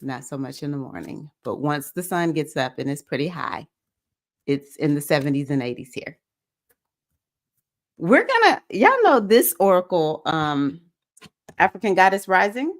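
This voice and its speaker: A woman, hosting a spiritual livestream circle, chatting with viewers and breaking into sudden high whoops. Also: big pitch swings, measured pace, long pauses. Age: 50s.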